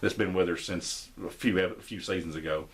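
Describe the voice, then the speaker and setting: Give me a young man with a fairly low voice, casually recapping a show and putting on voices for quotes. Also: fairly even intonation, fairly quick. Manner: rambling, acts out quotes with shifting pitch. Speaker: podcast host.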